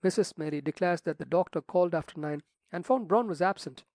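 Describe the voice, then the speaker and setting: A man's voice: high voice, fairly quick, darkish tone, no echo, studio quality. A man voicing a fussy, flustered elderly country rector who exclaims and frets.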